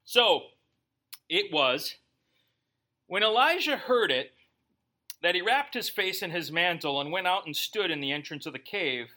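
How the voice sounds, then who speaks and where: A man's voice: high voice, lively intonation, unhurried, long pauses, bright, forceful tone. A man preaching a sermon in a conversational way, with joking asides. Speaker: pastor.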